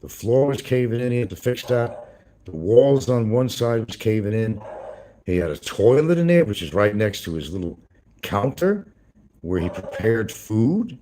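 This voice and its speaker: A man's voice: fairly low pitch, sing-song, moderate pace, warm tone, a little hiss or hum. A man hosting a livestream, rambling through crude gossip with swearing and chuckles. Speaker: livestream host. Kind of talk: casual livestream commentary.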